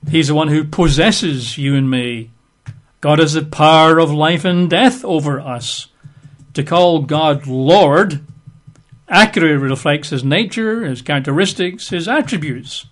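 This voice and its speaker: With a slightly high voice and a slightly slow pace, a man methodically teaches from the Bible. Rhetorical questions, letter-by-letter spellings, and emphatic asides run through his lesson.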